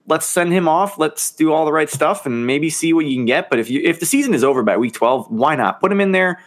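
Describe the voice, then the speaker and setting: Animated, laughing sports podcast man. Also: fairly high pitch, fairly quick. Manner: animated, laughs often, swears. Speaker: podcast co-host. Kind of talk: casual sports chat.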